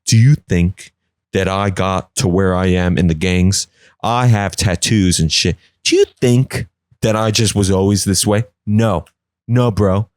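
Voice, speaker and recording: A man voicing a tough, streetwise French fry who lectures like a gang member. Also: deep voice, measured pace, a little mellow, no room sound, clean studio sound, voice pushed down. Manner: swaggering, lecturing.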